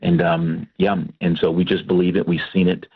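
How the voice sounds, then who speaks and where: A man, a pastor and Christian counselor, telling his testimony with earnest, animated storytelling. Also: low-pitched, moderate pace, husky, phone-quality sound. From Texas. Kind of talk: testimony in a radio interview.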